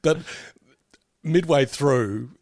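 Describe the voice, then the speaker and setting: A man's voice: mid-range voice, extremely slow, darkish tone, no room sound, studio quality. A man co-hosting a podcast, chatting casually, rambling with many fillers and frequent laughter. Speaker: podcast co-host. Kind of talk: casual chat.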